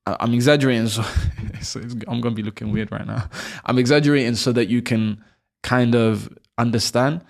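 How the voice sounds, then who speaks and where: A man giving a video lesson on letter sounds, patiently repeating each sound slowly for learners to copy. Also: medium pitch, steady tone, gravelly. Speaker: language teacher. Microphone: camera, close framing.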